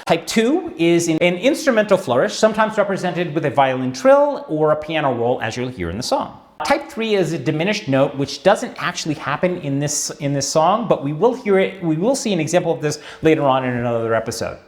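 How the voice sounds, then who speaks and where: Male dance instructor, lively intonation, joking asides, checks in with the viewer often. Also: on the high side, a little fast, hardly any pauses. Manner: chatty, wry asides, checks in with "yes?" and "all right". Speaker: tango teacher. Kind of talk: instructional video lesson.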